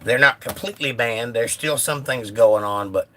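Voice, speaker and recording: Slightly hoarse laid-back male streamer. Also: medium pitch, normal speed, a bit bright. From United States. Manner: laid-back, reads viewer comments aloud. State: a little hoarse. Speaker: livestream host reading chat. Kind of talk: casual live-stream chat.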